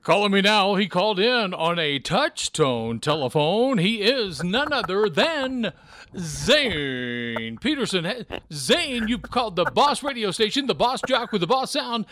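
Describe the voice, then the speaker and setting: A loud, hyped disc jockey straight out of old AM radio, as a man puts him on. He bellows station slogans in a bright, forceful announcer patter. His pitch rides high and swings widely. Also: no echo. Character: old-school male AM radio DJ, brash and hyped. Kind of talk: 1960s radio DJ parody.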